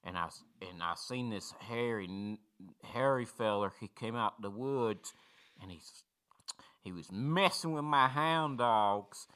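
A man voicing a drunk hillbilly caller, rambling in a low, halting drawl for a comedy call-in sketch. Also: bright, forceful tone, clean tone.

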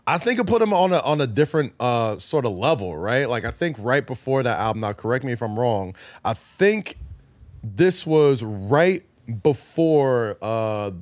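A man's voice: mid-range voice, sing-song, normal speed, no echo. A man co-hosting a casual hip-hop chat, explaining his views at length and laughing easily. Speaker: podcast co-host.

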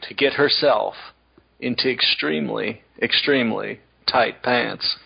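A man with a gravelly, husky voice chats casually on a podcast, cracking dry jokes. The recording sounds dull and lo-fi. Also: mid-range voice, a little slow. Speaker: podcast co-host. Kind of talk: casual chat. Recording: muffled lo-fi podcast audio.

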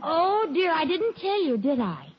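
A sweet, affectionate wife and mother in a 1950s radio sitcom. Her high voice rises and falls a lot as she talks gently and dotingly. The sound is dull, like an old radio broadcast. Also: very animated, a little slow, full character voice.

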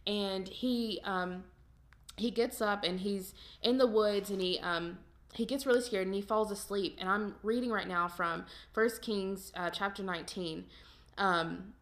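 A woman's voice: medium pitch, steady tone, a little slow. A woman with an ordinary mid-range voice talks through a scripture story on a faith podcast. She retells it loosely, in her own everyday words, with plenty of ums and restarts. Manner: casual, retells with many ums and paraphrases. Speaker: podcast co-host.

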